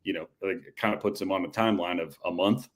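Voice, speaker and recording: A man's voice: low voice, fast talker. A man co-hosting a casual college football talk show, rambling with frequent restarts. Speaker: podcast co-host.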